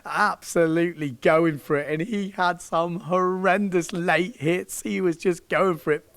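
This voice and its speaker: Brief: man coach doing a chatty voice-over, bright and lively tone, close dry sound. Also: high voice, a little slow, no echo. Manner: jokey, laughing, shouts encouragement. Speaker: windsurfing coach and host. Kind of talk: casual commentary over video.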